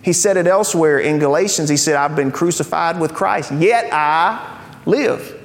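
A male pastor preaching a sermon in a conversational teaching manner, dropping in joking asides and slowing down to stress key phrases. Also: a little high, creaky. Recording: long reverb of a large hall.

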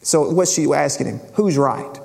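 Guy preaching, chatty storyteller vibe, slightly higher voice, big hall reverb. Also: animated, normal speed, creaky, darkish tone. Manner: conversational storytelling, paraphrasing scripture in casual speech. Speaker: pastor. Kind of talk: sermon.

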